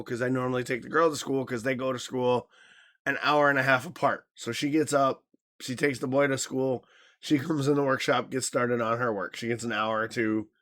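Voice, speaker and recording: A man in his thirties co-hosts a podcast, telling a story in a casual, profane way and acting out the people he quotes. His voice is mid-range and a bit bright.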